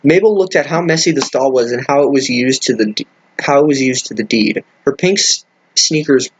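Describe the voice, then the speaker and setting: Husky-voiced man reading aloud, exasperated. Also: medium pitch, a little fast. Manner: stumbles over words and breaks in with incredulous, profane remarks. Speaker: comedic reader. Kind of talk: reading a fan fiction aloud with commentary.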